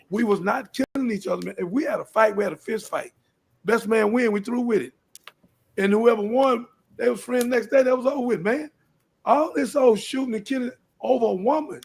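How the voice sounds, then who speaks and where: Impassioned high gravelly older man. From Houston, Texas. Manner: impassioned, repetitive, rising to pleading questions. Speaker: live show host. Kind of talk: preachy live-stream talk.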